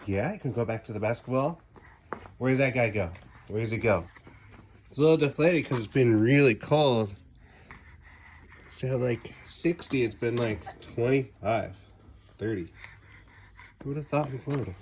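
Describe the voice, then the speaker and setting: A father filming his baby outdoors on a patio and cheering the child on with animated, sing-song baby talk. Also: mid-range voice, normal speed, long pauses, a little hiss or hum. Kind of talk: home video baby talk.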